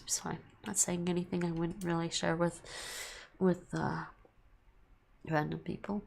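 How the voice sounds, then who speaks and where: Woman, streamer, casual chat, rambling, repeats herself, vocal fry. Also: lowish voice, flat delivery, a little slow, pauses often, darkish tone.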